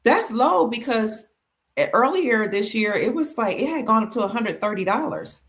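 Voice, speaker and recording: A woman's voice: on the high side, animated, normal speed. A woman hosting a casual podcast conversation, asking questions and giving frequent listening murmurs. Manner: interviewer, many listening murmurs. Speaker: podcast host.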